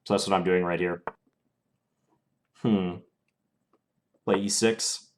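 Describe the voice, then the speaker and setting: A young man streaming chess live, calmly thinking aloud through his moves in a casual, analytical way. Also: low voice, slow, a little hiss or hum.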